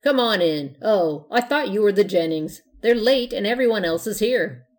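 An excited grown man welcomes people at his door in a loud, hearty way, voiced by a woman reading a storybook. His lines come out bright and eager. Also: mid-range voice, moderate pace, close to an everyday voice.

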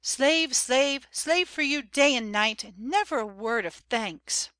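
A man's voice: very high voice, lively intonation, takes it slowly, bright, forceful tone, clean tone, dry recording, pitched above the performer's own voice, heavily acted. A man reading an audiobook voices an old woman servant who scolds and complains fondly. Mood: aggrieved. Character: old grumbling woman servant, fussy and sentimental. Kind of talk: audiobook character voice.

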